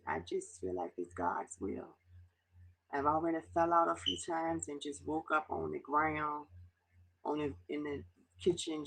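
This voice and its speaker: Speaking directly to her viewers in a confessional vlog, a middle-aged Baltimore woman is tearful and fighting to hold back tears. Her gravelly, husky voice sits low with a slightly bright edge, and she talks haltingly, often starting over and sometimes dropping almost to a whisper. The audio quality is poor.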